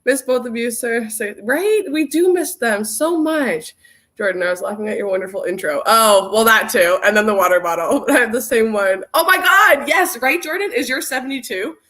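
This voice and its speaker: A woman's voice: on the high side, normal speed, a bit bright. A young woman hosting an informal online workshop, chatting casually and greeting viewers by name as she reads their comments. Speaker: workshop host. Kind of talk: casual livestream chat.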